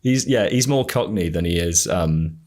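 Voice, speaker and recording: A man's voice: deep voice, animated, normal speed, darkish tone. A man with a generic southern English accent, hosting a podcast in casual chat, rambling and hesitant with frequent laughs. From England. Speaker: podcast host.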